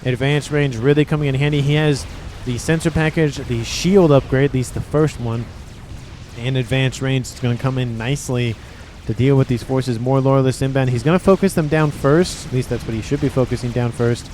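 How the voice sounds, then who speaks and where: A man's voice: mid-range voice, steady tone, brisk, a little mellow, slight background noise. A man giving casual play-by-play commentary on a strategy game replay, chatty and often correcting himself mid-sentence. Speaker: game caster.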